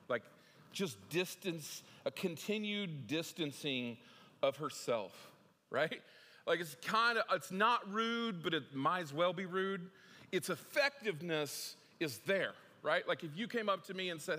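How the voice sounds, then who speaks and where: Bright-voiced man preaching in an echoey hall. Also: fairly high pitch, lively intonation, unhurried. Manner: conversational, repeats words, shifts between hushed and emphatic. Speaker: pastor. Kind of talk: sermon. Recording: echoey hall with long reverb.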